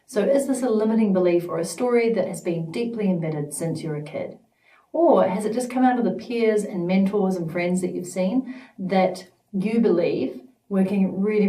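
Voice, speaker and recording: A woman's voice: lowish voice, dark tone. A woman vlogging straight to camera, emphatic and playful, sometimes slipping into mock voices. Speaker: vlogger and business coach. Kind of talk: direct-to-camera vlog. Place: studio at home. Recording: echoey room, mic at a distance.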